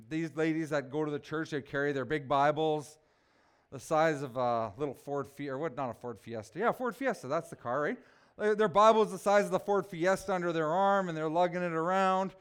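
A man's voice: sits high, smooth. A man in his forties, a pastor preaching a sermon with humorous stories and joking asides to the congregation. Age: 40s. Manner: joking, self-mocking, animated asides to the congregation.

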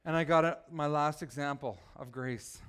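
A man's voice: on the high side, moderate pace, a bit bright, clear, resonant tone. A man preaching a sermon in church, emphatic and often asking the congregation questions. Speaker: pastor.

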